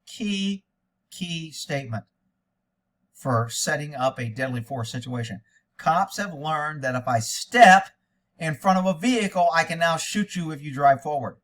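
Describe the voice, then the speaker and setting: A man with a fairly high voice reads a document aloud in a plain tone. He breaks in often with blunt, profane remarks. His comments sound sarcastic and indignant. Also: animated, a little slow, a bit bright. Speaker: online commentator. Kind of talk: reading a document aloud with reactions.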